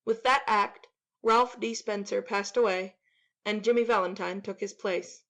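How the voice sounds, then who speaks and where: A woman narrates a classic tale in a measured, expressive voice at an even middle pitch. Her reading is steady and dramatic, shaping each scene. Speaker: audiobook narrator.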